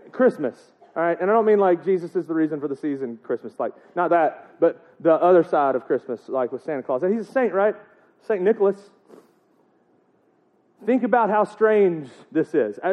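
A man preaching in a casual, joking way, often asking the congregation rhetorical questions. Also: sits high. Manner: joking, chatty, asks the crowd rhetorical questions. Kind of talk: casual sermon. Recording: tinny phone-like sound.

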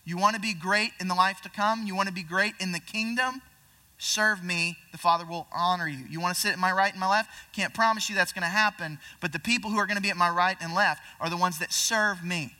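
A young male pastor preaches casually, with a high, very bright and forceful voice. He reads scripture and then explains it plainly, sometimes putting on voices for people in the story. He sounds a little distant from the mic. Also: steady tone, fairly quick. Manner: conversational preaching, acts out voices of disciples. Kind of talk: sermon.

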